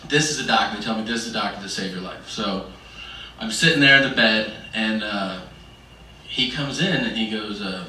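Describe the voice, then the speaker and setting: Male comedian, animated storyteller, very bright tone, heard far off through room echo. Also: on the low side, fairly quick, slight background noise. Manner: animated, acts out other people's lines. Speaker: stand-up comedian. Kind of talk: stand-up storytelling. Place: stage before a live audience. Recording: distant, echoey stage recording.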